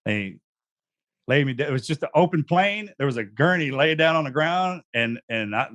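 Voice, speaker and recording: A man's voice: on the high side, expressive, moderate pace, a bit bright. A man, a guest recounting memories in a joking, laughing way. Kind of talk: casual storytelling.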